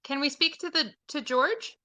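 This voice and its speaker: A woman hosting a live-streamed seance, listening to a spirit box and puzzling over faint messages in a hushed way. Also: high-pitched, moderate pace, no room sound. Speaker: host.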